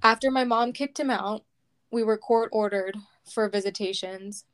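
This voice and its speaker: A woman reading her own personal memoir aloud, slow and heavy, close to tears. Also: medium pitch, smooth. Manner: slow, heavy, measured storytelling.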